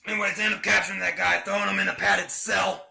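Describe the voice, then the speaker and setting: A man rambles through a story recap, swearing freely and using slang. His voice is high, heavily gravelly and bright, and it bounces around an echoey room. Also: little pitch movement, fast. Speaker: channel host. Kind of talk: casual story retelling.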